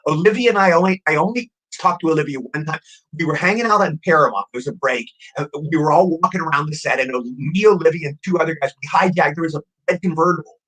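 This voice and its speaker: A man in his sixties, an actor guest telling rapid, excitable anecdotes in a casual interview, often repeating words as he goes. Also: on the high side, low-quality recording. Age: 60s.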